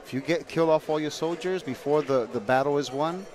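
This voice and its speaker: A man's voice: fairly high pitch, fairly quick, darkish tone. A man sitting in as a guest commentator on a pool match, explaining strategy with analogies. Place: commentary booth at a billiards hall.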